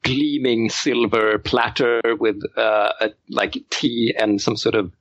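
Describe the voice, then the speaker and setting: A man's voice: fairly low pitch, steady tone, slow pace, fairly bright tone, dry recording, highs cut off. A man narrating as game master of a tabletop game, rambling and often restarting his sentences. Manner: rambling, full of fillers and restarts.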